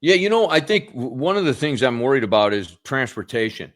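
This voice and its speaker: A man talks casually on a podcast in a relaxed, easygoing way. His pitch swings widely, and he leans hard on the things that worry him. He tends to repeat himself when making a point. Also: fairly quick. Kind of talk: casual chat.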